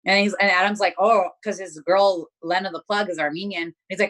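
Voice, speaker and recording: A woman's voice: mid-range voice, fairly even intonation, brisk, fairly bright tone. A young woman talking as an interview guest, telling a story bluntly with lots of swearing and filler words. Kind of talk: casual chat.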